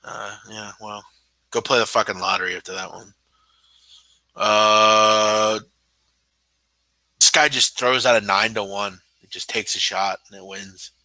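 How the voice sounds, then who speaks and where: A man's voice: fairly low pitch, little pitch movement, a little slow, pauses often, bright, forceful tone, no room sound. A young man hosting a live sports betting show, ranting with sarcasm, exasperation and heavy swearing. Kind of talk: live-stream casual rant.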